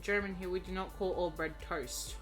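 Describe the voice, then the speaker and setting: A woman's voice: lowish voice, fairly even intonation, normal speed, faint music behind. A young Australian woman streaming a game, chatting casually in a giggly, rambling way. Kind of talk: casual chat while gaming.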